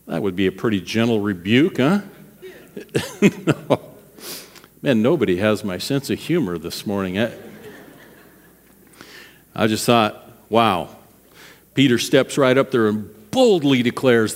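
A male pastor preaches a sermon in a loose, conversational way, often pausing to ask the congregation whether they follow. His voice sits at an ordinary middle pitch. A long reverb trails behind his words, as in a large sanctuary. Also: expressive.

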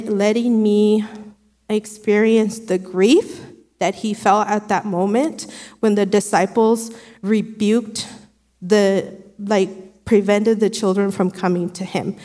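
A woman's voice: mid-range voice, mellow, in a large hall. A woman sharing an earnest, conversational devotional with her church. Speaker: church speaker.

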